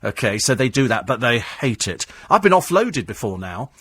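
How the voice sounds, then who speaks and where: A man's voice: mid-range voice, very animated, normal speed, fairly bright tone, husky, no echo. A man hosting a talk radio phone-in, combative and sarcastic as he answers listener texts in a studio. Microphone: studio microphone.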